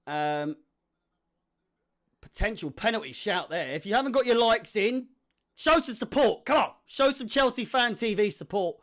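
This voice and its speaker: A young man hosting a live football watch-along, chatting with viewers and getting excitable at chances. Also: very high-pitched, normal speed. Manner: excitable, shouts and laughs at chances. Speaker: fan watch-along host.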